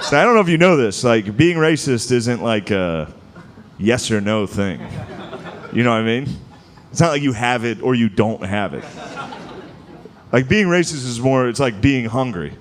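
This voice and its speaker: A man's voice: mid-range voice, expressive, moderate pace, long pauses. A man doing a stand-up comedy set on a club stage, loose and profane, slipping into mocking voices. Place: comedy club stage before a laughing crowd. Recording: live club recording with audience noise.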